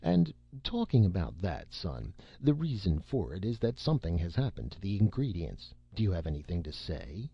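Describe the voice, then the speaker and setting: A man voicing a firm, patient businessman father who questions his son in measured tones. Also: low voice, wildly swooping pitch, vocal fry, husky, dry recording, highs cut off, heavily acted. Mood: stern.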